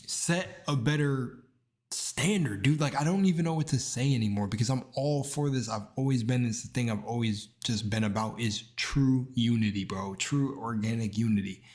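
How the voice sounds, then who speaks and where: A man's voice: mid-range voice, moderate pace, a little mellow. A young man giving casual reaction commentary, rambling and heated, swearing freely and dropping slang. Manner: rambling, slangy, says bro a lot. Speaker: video commentator.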